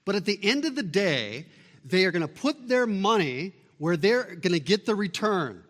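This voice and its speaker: Preaching man in a reverberant hall. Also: normal speed. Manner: animated preaching, swinging from loud emphasis to quiet low tones. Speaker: pastor. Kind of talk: sermon. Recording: long reverb of a large hall.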